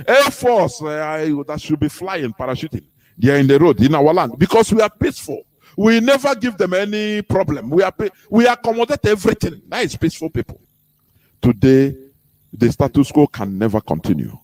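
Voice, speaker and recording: Give me a fairly high-voiced Nigerian man preaching politics on the radio, asking the listener rhetorical questions. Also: a little mellow. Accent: Nigerian English. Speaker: radio host. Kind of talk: impassioned political radio talk.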